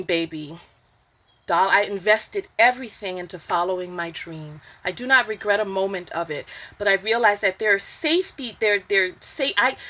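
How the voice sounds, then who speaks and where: A woman with a New York accent, talking candidly to camera in an opinion vlog, emphatic and animated, rising to near-shouts when indignant. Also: a little high. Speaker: vlogger.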